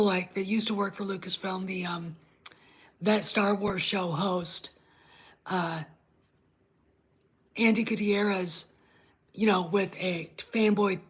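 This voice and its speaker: Slow, husky-voiced woman ranting. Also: mid-range voice. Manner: blunt, profane, ranting; talks straight to a live chat audience. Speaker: host of her own online show. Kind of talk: casual livestream rant.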